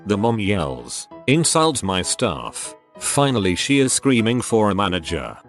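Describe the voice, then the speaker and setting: A man with a lowish voice reads online stories aloud as a narrator. His pitch moves around a lot, lifting and dropping through each line. He keeps the telling matter-of-fact.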